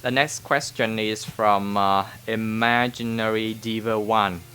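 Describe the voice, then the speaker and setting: A man's voice: lowish voice, fairly even intonation, takes it slowly, pushed and bright. Vietnamese-accented man teaching casually. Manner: chatty and informal, often checking in with the viewer. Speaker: language teacher answering viewer questions. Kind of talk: casual Q&A lesson to camera.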